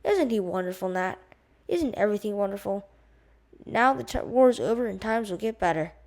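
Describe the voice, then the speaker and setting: A woman reading the lines of an eager, hopeful young girl in a storybook, spoken with excitement. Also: medium pitch, normal speed, natural voice. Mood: excited.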